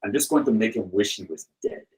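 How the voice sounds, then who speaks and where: A man putting on a big gruff Russian-accented friend. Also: on the low side, animated, quick pace, darkish tone. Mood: blunt.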